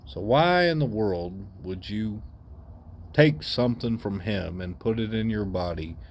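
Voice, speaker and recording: A man voicing a stern older male family friend who lectures a boy bluntly and gravely. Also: fairly low pitch, expressive, measured pace, a little hiss or hum. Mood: earnest.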